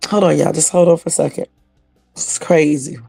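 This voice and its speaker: A man hosts a casual livestream reaction at his desktop computer. His voice sits a little high with a gravelly rasp, and he talks loosely and swears freely. The sound is dry and close. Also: steady tone, fairly quick, mellow, no room sound, faint music behind. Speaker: livestream host.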